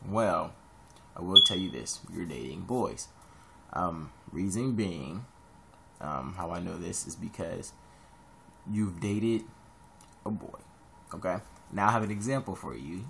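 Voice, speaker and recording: A young man from Columbus, Ohio, giving rambling casual advice in a vlog, animated with sudden high-pitched jumps. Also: moderate pace, gravelly, a little hiss or hum.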